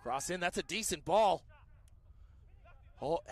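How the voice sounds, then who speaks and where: A man calling a live amateur soccer match, chatty and joking, getting louder and quicker when play gets close to goal. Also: fairly high pitch, dry recording. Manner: chatty, joking asides, rising excitement on attacks. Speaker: play-by-play commentator.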